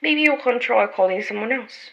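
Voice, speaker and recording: A woman's voice: a little high, animated, moderate pace, creaky, a bit bright, highs cut off, voice pushed up. Woman doing a polite airline receptionist. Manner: polite and apologetic.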